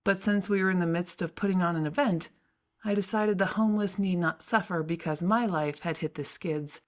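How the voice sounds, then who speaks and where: A woman's voice: lowish voice, normal speed. A woman narrating a first-person audiobook in a wry, self-mocking storytelling manner.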